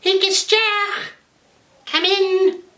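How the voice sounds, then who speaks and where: Sly wolf faking a granny, squeaky high falsetto, slow and stretched, roomy distant sound. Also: male voice, level tone, pushed and bright, slight background noise, heavily acted. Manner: high shrill falsetto, drawn out. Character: big bad wolf disguised as granny, sly.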